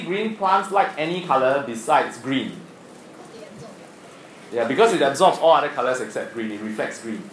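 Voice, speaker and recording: A man's voice: on the high side, reverberant, a little hiss or hum, low-quality recording. A man teaching science to a class, asking questions and teasing students. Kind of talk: classroom lesson.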